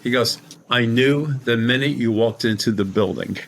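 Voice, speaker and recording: Middle aged guy rambling thru a story on a podcast, acts out who said what, normal pitch. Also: moderate pace. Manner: rambling, colloquial, acts out quoted dialogue. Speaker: guest, psychic medium. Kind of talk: conversational storytelling.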